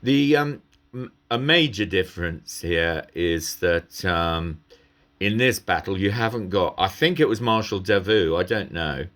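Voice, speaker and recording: A man's voice: low voice, animated, a little slow, fairly bright tone. A man casually commenting over a recording of a strategy game, rambling and hesitant with many ums and asides. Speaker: gameplay commentator.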